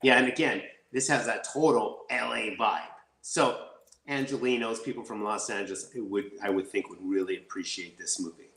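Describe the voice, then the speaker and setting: A man being interviewed as an actor, talking in a rambling, excitable way and laughing easily. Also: lowish voice, normal speed, echoey room. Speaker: actor guest. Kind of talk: casual interview chat.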